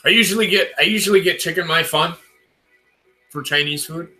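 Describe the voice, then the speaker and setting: A man's voice: fairly high pitch, brisk, bright, forceful tone, faint music behind. A man hosting a casual livestream chat, loose and profane, talking to viewers by name. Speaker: show host.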